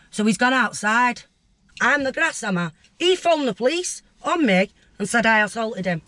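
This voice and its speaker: A woman's voice: medium pitch, a bit bright. Brief: young woman, interview guest, blunt and vivid storyteller. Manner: blunt, vivid storytelling that acts out voices, with swearing.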